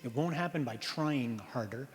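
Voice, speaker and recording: A priest giving an earnest sermon, slowing down on key phrases and asking the listeners rhetorical questions. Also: male voice, medium pitch, expressive. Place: church. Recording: reverberant church hall.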